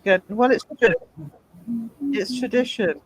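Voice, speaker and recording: A man's voice: very high voice, normal speed, crowd noise, rough recording. A man from Northeast England hosting a casual live stream, chatty and greeting his viewers. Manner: chatty, reads out and greets the chat. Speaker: livestream host.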